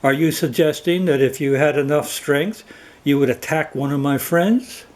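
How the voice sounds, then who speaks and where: A man voicing a calm, dismissive male elephant leading a herd in a cartoon folktale. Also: a little high, moderate pace, close to an everyday voice.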